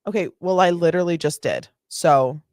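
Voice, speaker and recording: A woman's voice: on the low side, normal speed, darkish tone, dry recording, studio quality. A woman hosting reaction commentary in a chatty, self-deprecating way, often laughing. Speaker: host reacting to videos.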